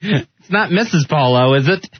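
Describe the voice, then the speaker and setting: A man's voice: fairly high pitch, lively intonation, normal speed, slightly rough, muffled recording. A male radio co-host bantering casually in a giggly, sing-song, joking way.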